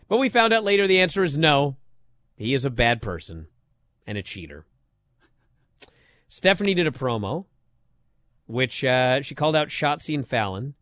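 A man co-hosting a wrestling podcast, talking in casual chat and getting worked up into loud disbelief. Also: medium pitch, normal speed, pauses often, no room sound. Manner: animated, rising to loud disbelief. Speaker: wrestling show co-host.

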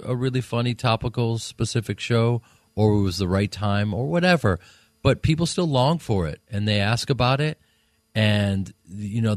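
A man's voice: mid-range voice, no room sound, studio quality. A man from Chicago, a comedian guest, chatting in a rambling, self-mocking way on a radio show. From Chicago, USA. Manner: rambling, self-mocking, quick to slip into voices. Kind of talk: casual radio interview chat. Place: radio studio.

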